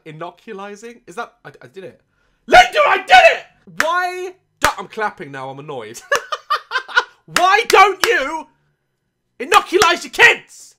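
A man hosting a comedic reaction video, loud and mocking, swearing often and laughing between rants. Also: high voice.

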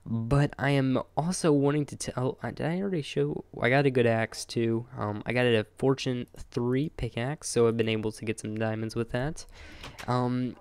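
A young man hosting his own gaming channel, chatting casually over his gameplay into a desk microphone, rambling and excitable and greeting his in-game animals. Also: mid-range voice, normal speed, clear, resonant tone. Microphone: close desk microphone.

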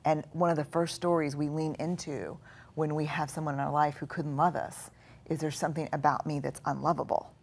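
A woman with a notably low voice speaks earnestly and reflectively, letting her words sink to a hushed softness at times. She is a guest talking through ideas in a live conversation. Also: little pitch movement, a little fast, husky. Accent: Texan. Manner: earnest, reflective, drops to soft quiet tones.

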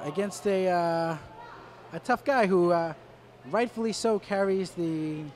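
A man giving live boxing commentary in a dry, wry way, with many fillers and restarts. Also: fairly high pitch.

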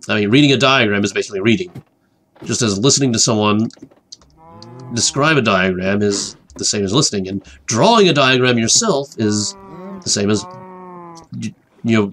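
A man rambling through a gameplay commentary, repeating himself, drifting off topic and dropping into excited whispers. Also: on the low side, slight background noise. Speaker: gaming commentator. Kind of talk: rambling let's-play commentary.

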